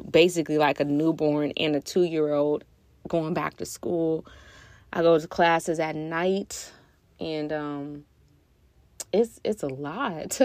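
A woman's voice: sits low, darkish tone, no echo. A young woman hosting a podcast, speaking earnestly and from the heart in a reflective personal talk, with hesitant fillers along the way. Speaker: podcast host.

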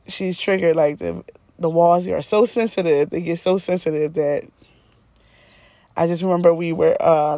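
A woman's voice: lowish voice, warm tone, dry recording. A woman hosting a podcast, telling a personal story in a frank, casual way, often laughing and swearing. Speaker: podcast host.

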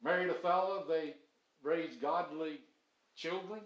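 Middle-aged man, pastor preaching in a roomy sanctuary, a touch high-voiced, earnest storyteller. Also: measured pace, a bit bright, muffled recording. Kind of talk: sermon. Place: church sanctuary. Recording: roomy church echo.

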